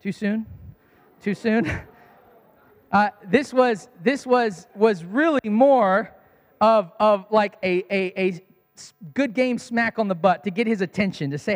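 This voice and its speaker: Guy with a fairly high voice telling a story in a sermon, chatty, big reverby hall. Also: slow. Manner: conversational storytelling, laughing at his own story.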